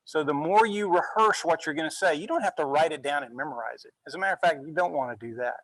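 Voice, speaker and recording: A male university instructor giving a relaxed classroom lecture, often checking in with "okay?" as he goes. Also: on the high side, fast talker, no room sound, low-quality recording. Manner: conversational, frequent "okay?" check-ins.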